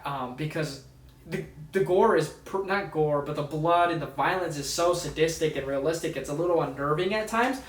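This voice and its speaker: A man's voice: on the high side, fairly bright tone. Rambling man reviewing films in an echoey room. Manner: rambling, lots of ums and restarts. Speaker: movie reviewer. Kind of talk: casual movie review vlog. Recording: echoey room, distant mic.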